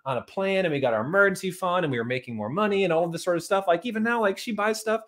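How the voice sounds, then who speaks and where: A man coaching couples on money, talking in an energetic, chatty way and often calling his listeners "guys". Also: sits high, rapid-fire. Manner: energetic, chatty, keeps saying "guys" and "okay". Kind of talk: motivational talk to couples.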